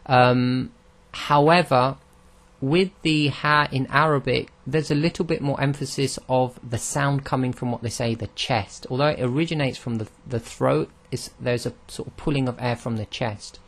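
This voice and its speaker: A man of middle pitch gives a recorded lesson on how Arabic letters are pronounced. He explains patiently, step by step, and models each sound aloud for his listeners to copy. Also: moderate pace. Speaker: Arabic pronunciation teacher.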